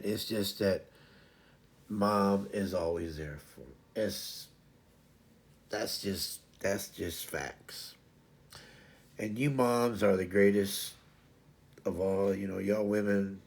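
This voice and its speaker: A man's voice: on the low side, takes it slowly, creaky, pauses often. A man hosting a casual livestream chat, rambling and restarting his sentences often. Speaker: livestream host.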